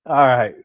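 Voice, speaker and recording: A man's voice: no echo, muffled recording. A man hosting a critical livestream commentary, reading chat aloud and breaking into laughter, his throat sore. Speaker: commentary host.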